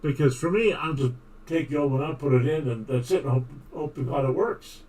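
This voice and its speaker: A man's voice: medium pitch, a little fast, a little mellow. A man streaming a survival game, rambling casually to his viewers. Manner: rambling, talks to viewers as "guys". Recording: distant mic with faint noise.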